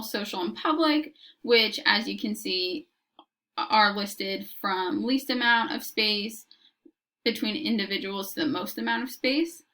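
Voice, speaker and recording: A woman delivers a recorded lecture with a bright, slightly high voice. She explains each point in a measured way and sometimes restarts a word mid-sentence.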